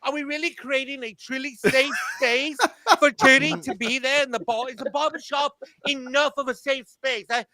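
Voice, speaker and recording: A man voicing a campy, gushing male TV writer in a mocking, sing-song way, squealing with excitement. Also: very high voice, moderate pace, voice pushed up, heavily acted.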